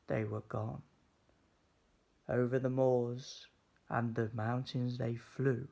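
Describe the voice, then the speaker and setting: A man reading a rhyming children's picture book aloud with slow, deliberate delivery. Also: mid-range voice, flat delivery, vocal fry, mellow. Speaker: storybook reader. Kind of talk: children's storybook read-aloud.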